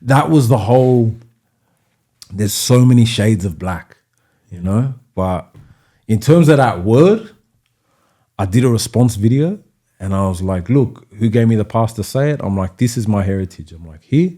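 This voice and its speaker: A young Australian man with a Sydney accent, telling stories on a podcast in a casual, animated way, acting out other people's voices with plenty of slang. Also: lowish voice, moderate pace. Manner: animated storyteller, acts out voices, heavy slang and swearing. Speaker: podcast guest, DJ.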